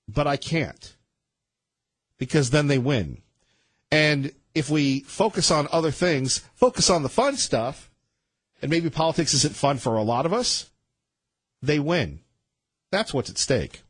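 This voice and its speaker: Emphatic, husky-voiced male radio host. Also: a little high, lively intonation, unhurried, no echo. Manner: emphatic, rambling, with many restarts. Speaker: radio talk show host. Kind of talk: talk radio monologue.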